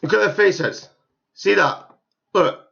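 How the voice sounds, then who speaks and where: A man's voice: high-pitched, slow pace, gravelly, sharp tone, lo-fi sound, a little hiss or hum. A young man giving blunt, scornful, profanity-heavy reaction commentary on a video. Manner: blunt, scornful, swears heavily. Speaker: YouTube commentator.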